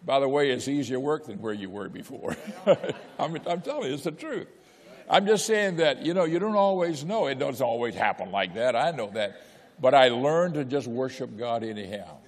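Older man, pastor, folksy sermon, repetitive exhortation, mid-pitched voice, long hall echo. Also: animated, brisk.

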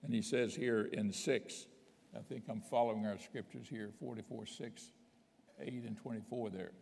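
A man's voice: fairly low pitch, steady tone, normal speed, creaky, darkish tone, breathy edge, in a large hall. A man, a bishop, teaching a sermon, reading scripture aloud with emphasis between plain explanation.

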